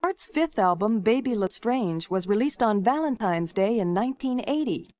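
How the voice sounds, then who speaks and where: A woman radio host reading scripted links in a smooth announcer delivery. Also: on the high side, lively intonation, moderate pace, a little mellow, dry recording. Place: radio studio.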